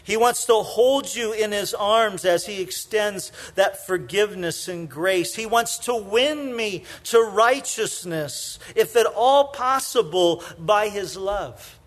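A middle-aged man preaching a sermon in a conversational way, full of "you know" fillers, moving from lively storytelling into soft, hushed emphasis. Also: high-pitched, takes it slowly, hardly any pauses. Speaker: pastor.

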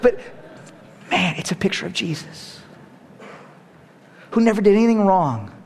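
A middle-aged man preaching a sermon, animated, swinging between hushed and loud, with playful asides. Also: high-pitched, unhurried, gravelly. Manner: playful asides and self-mocking humor. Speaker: pastor.

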